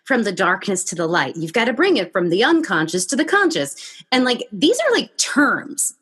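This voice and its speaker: A woman hosting a podcast interview, telling a story in a lively conversational way and acting out her own reactions. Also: medium pitch, moderate pace, breathy edge. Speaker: podcast host.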